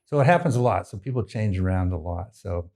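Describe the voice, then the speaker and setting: A middle-aged father, a podcast guest, speaking slowly and reflectively in casual chat. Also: low-pitched, animated, a little mellow. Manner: slow, reflective, a bit halting.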